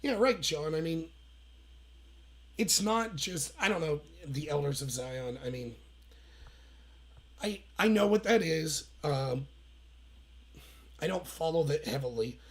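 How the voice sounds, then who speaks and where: A man's voice: on the high side, expressive, takes it slowly, long pauses. Heated, sarcastic man hosting commentary. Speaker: political commentary host. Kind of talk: opinionated livestream commentary.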